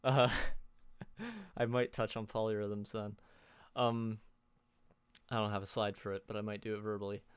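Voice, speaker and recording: Young male presenter, casual lesson delivery, smooth voice, dry close mic, lots of ums. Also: on the low side, moderate pace, pauses often, no echo. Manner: relaxed, many fillers and restarts. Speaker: music theory presenter.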